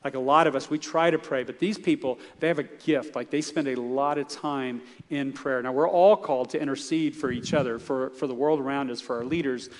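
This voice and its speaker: A man from Texas preaching a sermon in a conversational, animated way, with frequent restarts. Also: medium pitch, brisk, hardly any pauses, in a large hall. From Texas, United States. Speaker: pastor. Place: church sanctuary.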